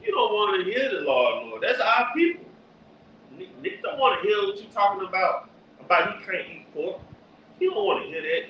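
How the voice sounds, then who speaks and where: A man preaching forcefully on the street, teaching from scripture and directing a reader. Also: high-pitched, very animated, a little fast. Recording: echoey, distant, dull lo-fi with faint noise.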